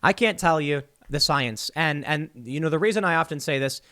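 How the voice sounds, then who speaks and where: A man hosting a podcast, giving a political commentary monologue in an animated, sarcastic and emphatic way. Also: a little high, normal speed. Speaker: podcast host.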